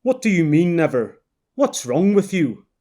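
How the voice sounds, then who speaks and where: A man's voice: on the high side, big pitch swings, measured pace, warm tone, pitched above the performer's own voice. A man putting on a folksy Canadian busybody. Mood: alarmed. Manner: folksy, drawling with "eh". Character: complacent middle-aged Canadian man, nosy. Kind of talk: audiobook character voice.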